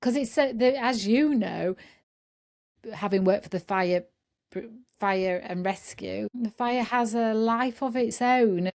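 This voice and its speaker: A woman interviewing a former trainee, asking measured, reflective questions. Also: fairly high pitch, a little mellow.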